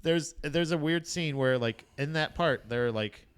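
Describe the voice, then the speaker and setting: A man's voice: on the high side, measured pace, clean tone. Rambling, foul-mouthed podcast man. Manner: profane, rambling storyteller with frequent fillers. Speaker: podcast co-host. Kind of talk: casual podcast chat.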